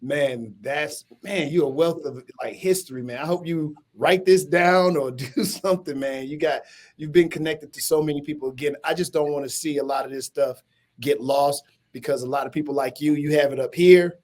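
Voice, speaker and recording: A man's voice: a little high, moderate pace, a little mellow. A man hosting a casual interview, encouraging and laid-back, giving short affirmations. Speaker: show host.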